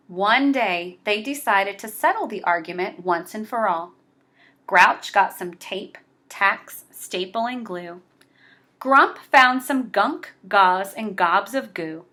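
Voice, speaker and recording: Reading a picture book aloud for children, a woman speaks at a slow pace with an expressive, medium-pitched voice.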